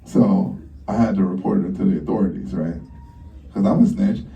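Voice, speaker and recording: A young man doing a stand-up routine on a comedy club stage, brash and profane, acting out both sides of his stories with sudden jumps in pitch. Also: normal speed, gravelly, far from the mic, muffled recording, crowd noise.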